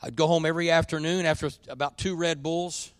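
A middle-aged man preaching a sermon in a church, folksy and confessional, swinging between quiet admissions and loud emphatic points. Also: on the high side, fairly even intonation, fairly quick, no room sound. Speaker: pastor.

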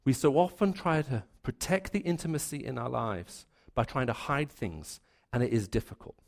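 A gravelly, medium-pitched male voice delivers a sermon at a moderate pace. The preacher is earnest, building points by repeating phrases and lowering to a hush for stories.

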